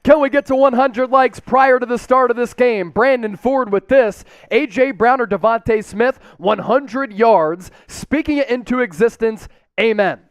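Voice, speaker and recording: Hyped high-voiced male fan host. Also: clean tone, no echo. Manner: hyped, rapid fan commentary with shouted cheers. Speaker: fan watch-party host. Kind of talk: live-stream play-by-play and chat shout-outs.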